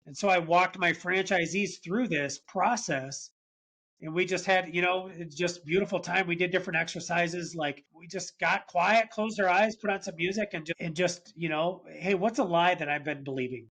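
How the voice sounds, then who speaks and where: Male podcast guest with a high voice, earnest and animated, sharing a faith story. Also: moderate pace. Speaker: podcast guest, business founder. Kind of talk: conversational storytelling interview.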